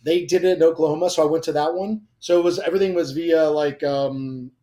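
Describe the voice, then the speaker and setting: A man's voice: on the high side, fairly even intonation, brisk, mellow. A young man sharing a personal faith testimony in casual conversation, emotional and rambling, with frequent fillers and restarts. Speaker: guest.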